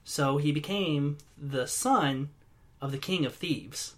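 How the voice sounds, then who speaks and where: A man in casual chat, telling stories in an animated way and laughing easily. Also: on the high side, takes it slowly.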